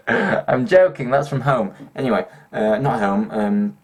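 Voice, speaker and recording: With a northern English accent, this young YouTuber takes viewer questions in a casual vlog, hyperactive and quick to swear and laugh. His medium-pitched voice is animated, though he takes it slowly.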